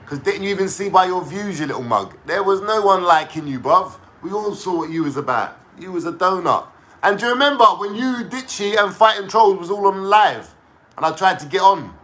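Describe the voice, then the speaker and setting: A man's voice: sits high, animated, a little fast, fairly bright tone. Mocking, slangy London man. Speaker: vlogger. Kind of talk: casual ranting to camera.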